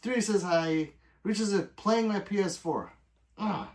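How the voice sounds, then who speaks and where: A man's voice: high-pitched, slow. A man hosting a livestream, reading viewer comments aloud in loose, profane casual chat and plugging subscriptions. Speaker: livestream host.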